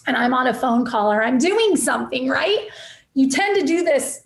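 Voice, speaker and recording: Passionate high-voiced woman investor. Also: measured pace, creaky, reverberant. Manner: passionate, motivational, emphatic. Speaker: real estate investor guest. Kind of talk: enthusiastic podcast interview talk.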